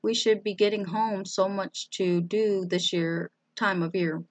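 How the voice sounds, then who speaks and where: A woman's voice: mid-range voice, steady tone, a little slow, no echo, lightly acted. Woman playing a politely cheerful father.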